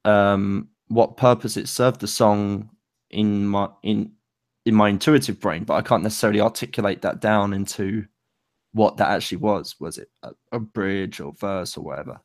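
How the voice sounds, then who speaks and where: A young man co-hosting a casual chat about songwriting, talking loosely with many fillers and pauses. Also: fairly low pitch, dry recording, clean studio sound. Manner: loose, lots of fillers and likes, pace speeds up and slows. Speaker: co-host.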